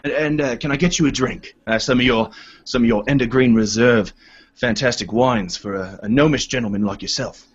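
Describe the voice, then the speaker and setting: A man voicing an excitable, chatty red-haired steward on a ship, talking quickly and jumping between thoughts, with a husky voice. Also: medium pitch, close to an everyday voice. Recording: dull lo-fi home recording.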